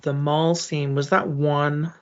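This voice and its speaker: A podcast co-host in casual chat, relaxed and laughing easily while asking questions about the film. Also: mid-range voice, slow pace, clear, resonant tone, lo-fi sound.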